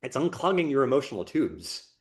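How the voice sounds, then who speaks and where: A man's voice: medium pitch, big pitch swings, fairly quick. Man co-hosting a reflective podcast. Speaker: podcast co-host. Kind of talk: conversational podcast discussion.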